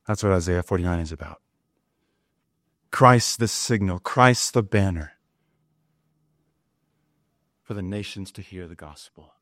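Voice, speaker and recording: A man preaching a sermon, slow and emphatic, often asking his listeners rhetorical questions. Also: deep voice, fairly bright tone, no echo, studio quality. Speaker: pastor.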